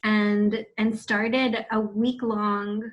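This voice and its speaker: A woman's voice: mid-range voice, level tone, very slow, highs cut off. A woman in her forties, a guest on a video-call interview, telling her story candidly with casual swearing and laughter. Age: 40s. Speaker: guest, founder of a wellness center.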